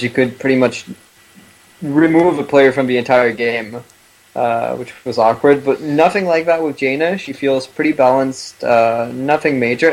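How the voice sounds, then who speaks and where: Relaxed guy on a gaming podcast, lots of uhs, mid pitch, easygoing. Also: rough recording. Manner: laid-back, many fillers and restarts. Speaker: podcast panelist. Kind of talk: casual gaming chat.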